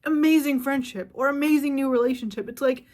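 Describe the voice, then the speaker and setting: A young woman with a slightly high voice rants to camera, swearing freely. She jumps from loud outbursts to hushed, intense asides, always emphatic and heated. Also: fairly quick. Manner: emphatic, profane, swings between loud outbursts and quiet asides. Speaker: vlogger. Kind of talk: ranting monologue to camera.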